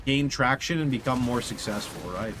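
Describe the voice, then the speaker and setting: A man's voice: mid-range voice, normal speed, noisy background. A man streaming a game live on a studio mic, chatting casually in a joking, self-mocking way. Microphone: studio condenser mic. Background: game music.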